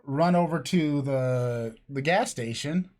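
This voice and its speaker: A man's voice: mid-range voice, takes it slowly, darkish tone. A man co-hosting a podcast, rambling through crude jokes in casual chat. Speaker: podcast co-host.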